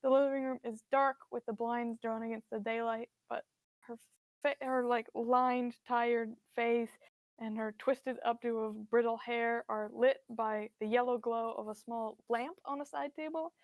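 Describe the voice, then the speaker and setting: A woman narrating a tabletop role-playing scene as game master, descriptive and relaxed, with fillers. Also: a little high, normal speed, dry recording.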